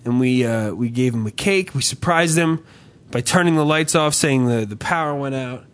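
A young adult man co-hosting a podcast, telling stories in a profane, animated, ranting way. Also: mid-range voice, normal speed. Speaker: podcast co-host. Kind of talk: casual comedic chat.

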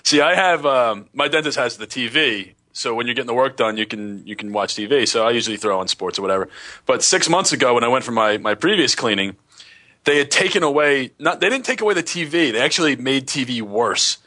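A male radio co-host tells everyday stories in animated, filler-heavy casual talk. His voice is bright and sits at an average pitch for a man. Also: fairly quick. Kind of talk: casual chat, storytelling.

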